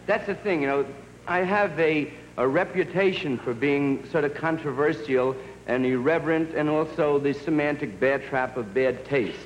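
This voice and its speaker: A man's voice: a little high, normal speed, big-room sound, dull audio, a little hiss or hum. A man speaking as a comedian guest, wry and self-mocking.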